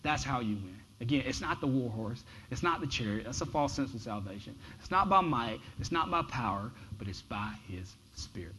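A pastor preaching a sermon, shifting from loud, emphatic lines to soft, near-whispered ones and often repeating words as he starts a phrase. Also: mid-range voice, animated, fairly quick, few pauses, a little hiss or hum, low-quality recording.

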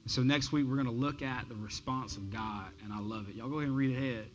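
Earnest pastor preaching. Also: male voice, fast, slight background noise, low-quality recording. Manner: earnest, repeats words, builds intensity then drops low. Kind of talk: sermon. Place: church sanctuary.

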